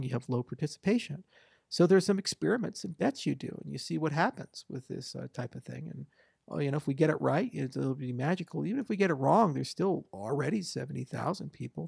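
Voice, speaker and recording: A man with a gravelly, husky voice answers interview questions at a mid pitch. He talks confidently and at length, with a dry, close sound and no room around him. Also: darkish tone, no room sound. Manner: fast, confident, discursive, mimics voters for effect. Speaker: interview guest, blockchain founder. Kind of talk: casual interview talk.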